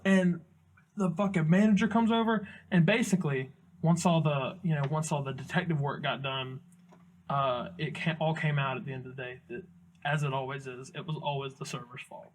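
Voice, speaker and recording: A man's voice: on the high side, steady tone, a little fast. A young man, casually telling a rambling, profane restaurant story as a comedy podcast co-host. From Augusta, Georgia, US. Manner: rambling storyteller, swears freely, acts out quotes.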